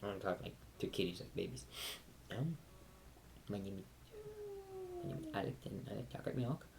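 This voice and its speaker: Rambling teen boy with a lively voice. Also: on the low side, a little fast, vocal fry, background noise. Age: teens. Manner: rambling, jokey, talks to a cat. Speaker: vlogger. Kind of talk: casual chat to camera. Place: bedroom at home.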